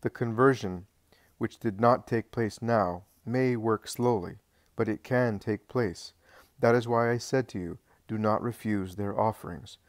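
A man reading the lines of Jesus as a calm, patient male teacher in a religious audiobook. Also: fairly low pitch, no room sound, clean studio sound, natural voice. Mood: gently instructive. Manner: measured, patient, reassuring.

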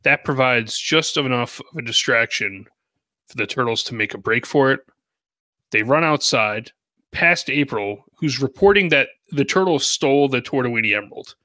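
A man with a bright, forceful voice recounts a cartoon plot beat by beat, tossing in jokey asides. His delivery is casual chat, recorded dry and close. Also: medium pitch, animated, no room sound. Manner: narrates plot with jokey asides and quick impressions. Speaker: podcast co-host recapping the episode.

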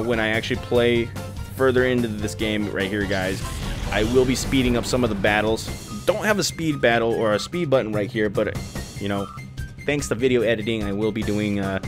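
A man giving casual commentary over a video game walkthrough, talking straight to his viewers. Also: mid-range voice. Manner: chatty, talks to viewers as guys. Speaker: gaming youtuber.

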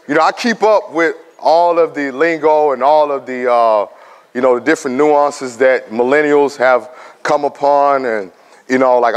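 This thirties-aged man, a guest speaker at a high school, has a clear, resonant tone that carries through the big hall's long reverb. His motivational talk mixes lively storytelling, acted-out voices, and back-and-forth with the students.

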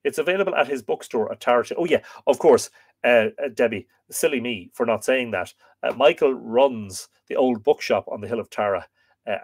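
A man's voice: medium pitch, a little mellow. A man hosting a live stream, chatting casually, rambling with many fillers and restarts as he reads viewer comments. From Ireland. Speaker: host of a live stream on Irish mythology.

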